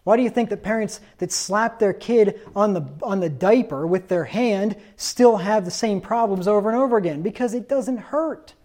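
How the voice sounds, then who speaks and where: A man's voice: high-pitched, moderate pace, few pauses, darkish tone. A man preaching a sermon in a stern, insistent tone, reading scripture aloud and asking rhetorical questions.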